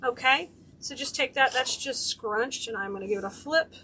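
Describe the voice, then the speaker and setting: Woman, high voice, crafting host, gushy and chatty, faint hum behind. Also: normal speed, bright, forceful tone. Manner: chatty, gushing over her work. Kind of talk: hands-on craft demonstration.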